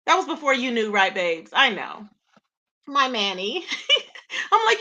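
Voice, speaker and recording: Woman, livestream host, casual gossip commentary, chats with viewers, high voice. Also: big pitch swings, unhurried, pauses often, pushed and bright, highs cut off. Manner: chatty, greets viewers by name, calls them babe and child.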